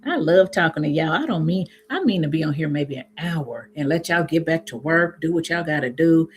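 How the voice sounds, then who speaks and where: Chatty, lower-voiced Indiana woman. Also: lively intonation, a little fast, faint music behind. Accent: Indiana with some Southern sayings. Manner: laughs at herself, chatty, rambling, talks straight to viewers. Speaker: natural hair YouTuber hosting a livestream. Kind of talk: casual livestream chat with viewers.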